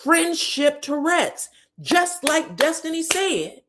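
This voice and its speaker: A woman hosting a casual reality TV recap, telling it in an animated, profane and sassy way. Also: on the high side, moderate pace, a little hiss or hum.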